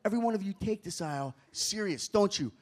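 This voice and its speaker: A man performing a stand-up comedy set on a club stage, animated and shouting some lines. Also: high-pitched, fast talker. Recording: club crowd laughter and room noise.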